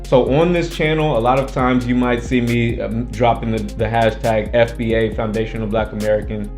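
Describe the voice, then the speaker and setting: Over soft background music, a man hosting his own channel delivers casual, opinionated commentary, pressing his arguments hard and restating them for emphasis. He has a medium-pitched, steady, darkish voice at a normal speed.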